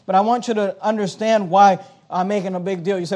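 A man's voice: high-pitched, fairly even intonation, fast, hardly any pauses, darkish tone. A pastor preaching a sermon. He reads scripture aloud and earnestly explains it to his congregation.

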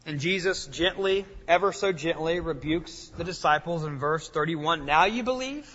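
High-voiced preacher in a reverberant hall. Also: male voice, steady tone, moderate pace, fairly bright tone, highs cut off. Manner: earnest preaching, swells and drops in volume. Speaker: pastor. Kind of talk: expository sermon.

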